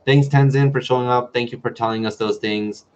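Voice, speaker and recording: A man's voice: medium pitch, level tone, a little fast, a little hiss or hum. Chatty young man on a lo-fi livestream. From New Mexico, US. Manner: chatty, reads viewer comments aloud and answers them. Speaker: medical student livestream host. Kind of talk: casual livestream Q&A. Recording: dull lo-fi livestream audio.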